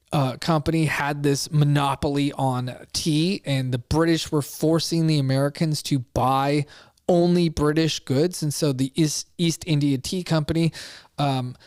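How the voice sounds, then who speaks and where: A man's voice: on the high side, no echo, studio quality. A man hosting his own show, giving a casual history talk to camera with frequent ums and uhs. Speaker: show host.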